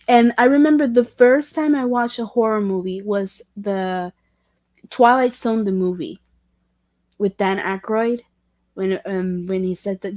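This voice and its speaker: A woman hosting a casual livestream chat with viewers, talking in a halting way with many restarts and self-corrections, candid and self-deprecating. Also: mid-range voice, steady tone, darkish tone, no room sound. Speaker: livestream host chatting with viewers.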